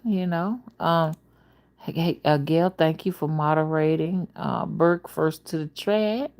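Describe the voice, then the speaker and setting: A woman hosting a casual livestream as a spiritual reader, with a soothing, melodic soft voice, greeting viewers by name and making folksy asides. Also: low-pitched. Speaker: spiritual reader and channel host.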